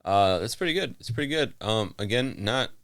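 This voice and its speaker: A man's voice: fairly low pitch, expressive, normal speed, fairly bright tone, no echo, clean studio sound. A man co-hosting a podcast, chatting casually and thinking aloud with hesitant fillers. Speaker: podcast co-host.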